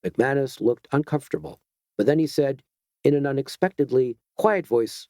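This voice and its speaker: Casting: male audiobook narrator, even and measured, middle voice, dead-dry booth sound. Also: mid-range voice, no room sound. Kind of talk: scripted narration.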